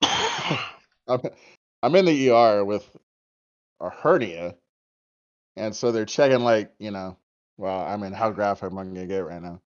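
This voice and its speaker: A man's voice: on the low side, unhurried, long pauses. A man on a podcast telling stories casually, cursing freely and laughing often. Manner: profane, animated, laughs often. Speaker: podcast guest. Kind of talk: casual storytelling. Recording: dull lo-fi stream audio.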